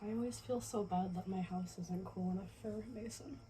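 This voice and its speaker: A woman's voice: mid-range voice, fairly even intonation, normal speed, warm tone, a little hiss or hum. A woman hosting a casual mukbang chat in her home kitchen, chatty and laughing often. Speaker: host.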